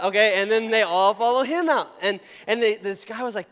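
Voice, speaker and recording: A man giving a casual, animated sermon, talking with a conversational tone and frequent "okay?" asides. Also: high-pitched, brisk, few pauses, in a large hall.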